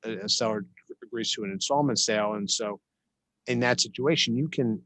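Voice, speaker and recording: A man's voice: on the low side, a little fast, dry recording. A man from South Jersey, a guest in an interview, talking casually with many restarts and easy chuckles. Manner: relaxed, many restarts and fillers, chuckles often. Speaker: interview guest, investor and attorney.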